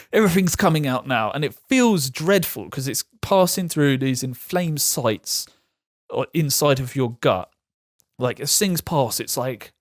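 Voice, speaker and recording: A man's voice: fairly high pitch, dry recording. Guy, frank vlog talk, stops and restarts, jokes about hard things; dry, close recording. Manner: frank, halting, laughs through hard topics. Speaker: vlogger sharing patient experience. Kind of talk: candid personal talk to camera.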